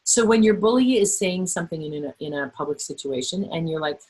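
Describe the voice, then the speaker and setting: A middle-aged woman trainer presenting a workplace webinar, animated and acting out the voices she quotes. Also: deep voice, quick pace, slightly rough, low-quality recording.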